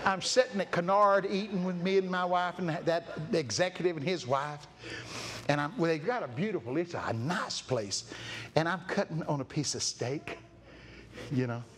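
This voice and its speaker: An older man preaching a folksy, animated story-filled sermon, laughing and acting out voices. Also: a little high, moderate pace. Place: church sanctuary. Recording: noisy live church recording.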